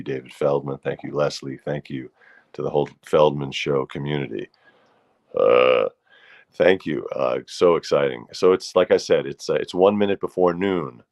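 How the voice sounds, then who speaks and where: A man's voice: a bass voice, gravelly, a little mellow. A middle-aged man hosting a casual livestream talk show, chatty and rambling as he greets viewers by name. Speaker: host.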